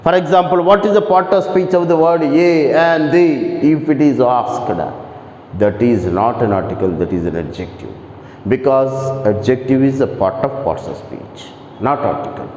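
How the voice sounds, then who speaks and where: A man's voice: medium pitch, expressive, moderate pace, a little mellow, slight background noise. A man with an Indian English accent, teaching grammar in a lecture and repeating key phrases for emphasis. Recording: echoey room, muffled lo-fi audio.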